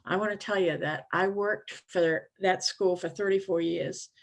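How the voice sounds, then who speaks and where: A woman's voice: lowish voice, steady tone, moderate pace, vocal fry. An older woman speaking at a conference, telling her recovery story in a candid, conversational way with frequent fillers. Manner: candid, conversational, many "you know" fillers. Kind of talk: personal testimony talk.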